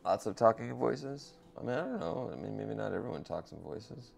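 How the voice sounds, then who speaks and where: Racing on stream, this man speaks in a lowish, gravelly, darkish voice, a little fast and expressive, over a slight hiss or hum. He chats casually with viewers, cursing and drifting into tangents.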